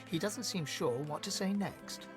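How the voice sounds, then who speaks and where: An actor narrating a video game in a dry, descriptive manner. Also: male voice, high-pitched, animated, a little slow, soft background music.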